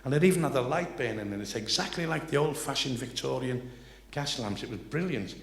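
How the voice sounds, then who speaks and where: An older man with a Liverpool accent telling rambling, salty anecdotes live on stage, building excitement toward each punchline. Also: medium pitch, a little fast, gravelly. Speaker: comedian telling stories. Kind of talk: live stand-up storytelling. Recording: echoey live venue, faint noise.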